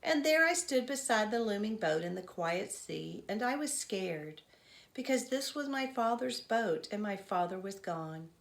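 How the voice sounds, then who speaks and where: Woman doing an old village man, earnest, mournful, mid-pitched, storybook reading. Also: expressive, measured pace, creaky. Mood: intent. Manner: earnest storytelling, rising to loud cries. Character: old village man, grief-struck, recounting childhood. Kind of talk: children's novel read aloud.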